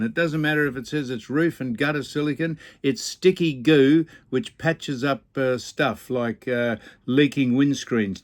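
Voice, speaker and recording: A man's voice: medium pitch, fairly bright tone. Dry-humoured man reading comments. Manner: dry, teasing, opinionated banter. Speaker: vlog host. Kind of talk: casual chat reading viewer comments. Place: aboard a boat.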